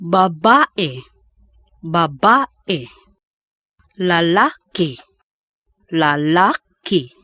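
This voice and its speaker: A woman reading vocabulary slowly and deliberately for learners to repeat, enunciating each word with care. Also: mid-range voice, a bit bright, no echo, clean studio sound. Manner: slow, deliberate, carefully enunciated. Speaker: pronunciation model speaker.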